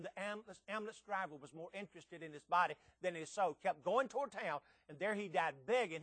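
A man's voice: sits high, a bit bright, dry recording. A man preaching a sermon, earnest and emphatic, with pressing rhetorical questions.

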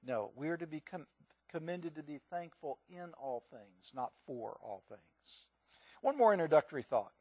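A man's voice: fairly high pitch, expressive, moderate pace, mellow, slightly rough, no room sound. A male pastor giving a conversational sermon, asking the congregation questions.

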